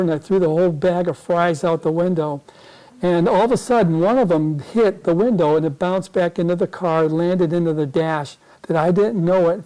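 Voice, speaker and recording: An older man speaks to a club meeting with a mellow, soft-edged voice. He tells his story in a folksy, rambling way and keeps restarting on repeated words. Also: high-pitched, poor audio. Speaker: guest speaker. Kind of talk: anecdotal storytelling talk.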